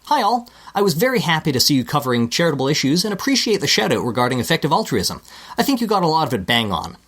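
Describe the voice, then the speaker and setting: A man's voice: a little high, big pitch swings, fast, fairly bright tone, slightly rough. A man with a Canadian accent, a podcast co-host reading a scripted segment with dry, self-deprecating asides.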